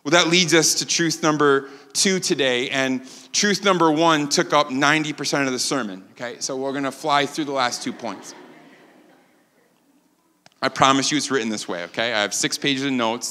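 A man preaching a sermon as pastor, animated and acting out the quotes he tells. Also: mid-range voice, moderate pace, long reverb tail. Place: church sanctuary.

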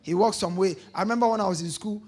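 A male pastor preaching a sermon, repeating key lines, prompting the congregation to answer and bursting into shouts on key points. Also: sits high, fast talker, noisy background.

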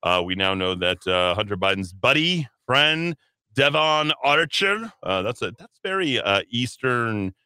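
A man's voice: mid-range voice, sing-song, measured pace, sharp tone, clear, resonant tone, dry recording. A man hosting a talk radio show, rambling and sardonic, with many fillers and asides. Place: radio studio.

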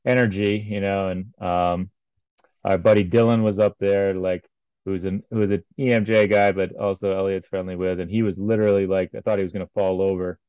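A man's voice: deep voice, flat delivery, a little fast, clean tone, no echo, muffled recording. A man recounting a race in casual podcast chat, rambling with many ums and uhs.

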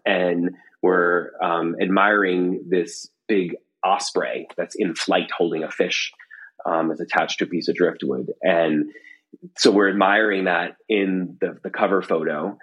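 A man's voice: deep voice, fairly even intonation, a little slow, a bit bright, husky, rough recording. A middle-aged man chatting casually from a room at home as a podcast guest, rambling with many fillers and restarts. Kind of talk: casual conversation.

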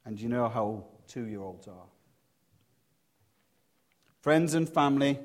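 Animated and medium-pitched, this middle-aged preacher gives an earnest, halting sermon full of restarts, lowering his voice to a hush for personal stories.

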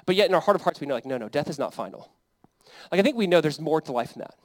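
A man's voice: a little high, lively intonation, very fast, no room sound. A young adult man, a pastor, preaching a sermon in an earnest, conversational way that builds to emphatic peaks.

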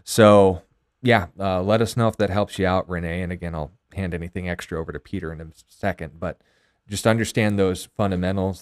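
Man, very low voice, measured, explanatory, dry sound. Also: no echo. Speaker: co-host answering viewer questions. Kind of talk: casual explanatory Bible talk.

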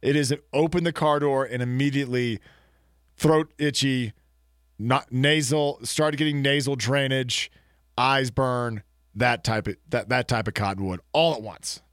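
A man's voice: medium pitch, fairly even intonation, a little slow, a bit bright, no echo. A man co-hosting a community radio sports show in casual banter, joking with dry self-mocking asides, his voice a bit stuffed up from allergies.

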